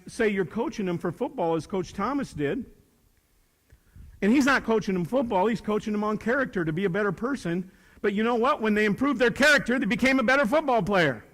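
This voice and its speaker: Speaking to a crowd of students at a youth leadership event, an older motivational speaker uses a fairly high, slightly bright voice at a moderate, animated pace. His emphatic, joking delivery hammers points home through preacher-like repetition, backed by a long hall reverb.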